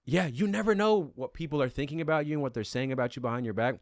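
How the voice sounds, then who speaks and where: A man's voice: medium pitch, fast, no echo, clean studio sound. A man casually recapping a reality show on a podcast, laid-back and swearing freely as he tells stories.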